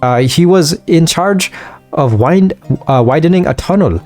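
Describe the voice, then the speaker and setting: A poised dwarf wife explains her past calmly, as a man reads her part. His pitch stays lively throughout. Faint game music sits underneath. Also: unhurried.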